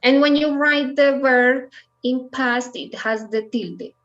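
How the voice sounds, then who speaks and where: A native Spanish-speaking woman gives an online language lesson. She talks slowly and patiently, filling pauses with "eh" and "um". The call audio sounds a little dull. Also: high voice, fairly even intonation, a bit bright. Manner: patient, explains slowly with many fillers. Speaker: Spanish teacher.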